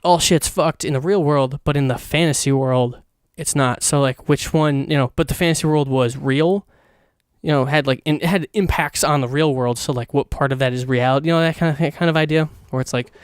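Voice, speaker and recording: Rambling fast-talking man, dry close mic. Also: on the high side, steady tone, clear, resonant tone, dry recording. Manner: rambling, filler-heavy, profane. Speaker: podcast host. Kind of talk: casual solo movie review.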